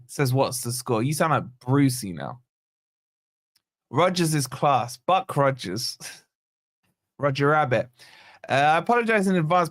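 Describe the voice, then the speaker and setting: A man's voice: on the high side, a bit bright. A man hosting a live fan watch-along stream, reading out chat comments with chatty, teasing banter. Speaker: fan channel host.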